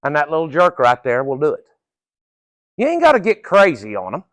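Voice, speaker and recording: A man's voice: on the high side, huge pitch swings, brisk, a bit bright, dry recording. A middle-aged man working as a horse trainer, coaching viewers through a live training session in a folksy, casual way with the odd curse word.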